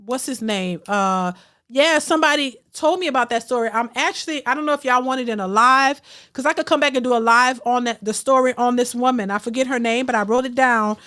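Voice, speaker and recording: A woman's voice: fairly high pitch, brisk, a bit bright. Outspoken woman chatting on a livestream. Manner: outspoken, repeats herself, frequent restarts. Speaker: host of a reaction livestream. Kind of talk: casual livestream chat reading super chats.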